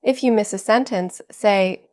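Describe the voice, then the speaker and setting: A woman giving scripted teaching narration for an English lesson, speaking slowly and clearly at an even pace. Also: mid-range voice, dry recording, studio quality. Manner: slow, clear, evenly paced delivery.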